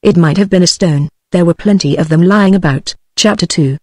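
A text-to-speech woman's voice with a British English accent, reading a story aloud in an even, steady way. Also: fairly low pitch, normal speed, no room sound. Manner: even, steady reading of all parts alike. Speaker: narrator.

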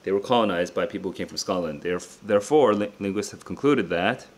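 A man's voice: sits low, fast, darkish tone. A tired young man thinking aloud as he solves test questions, muttering and double-checking himself, with casual asides to viewers from his room. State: tired and distracted. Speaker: SAT tutor.

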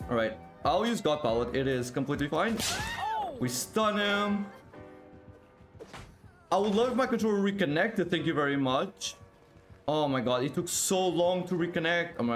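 A man on the higher side of male voices, calling out live gameplay with excited, exclamatory energy. He fires off repeated words in quick bursts as the action unfolds, with faint music playing behind him. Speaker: gaming video creator.

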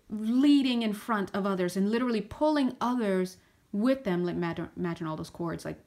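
A woman's voice: mid-range voice, darkish tone. A woman doing a casual spiritual reading to camera, out of breath, chatty and searching for words with frequent restarts. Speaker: astrology and tarot reader.

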